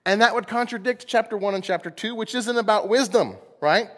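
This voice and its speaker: A man preaching a sermon as pastor, playful and animated, acting out little voices as he goes. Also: high voice, fairly quick. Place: church sanctuary. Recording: long hall reverb.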